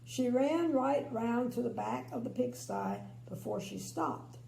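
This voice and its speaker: Expressive older grandma reading bedtime stories. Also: female voice, fairly high pitch, measured pace, creaky. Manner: expressive, chatty, opinionated asides. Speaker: grandmother storyteller. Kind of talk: bedtime story reading with asides. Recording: echoey room with faint hum.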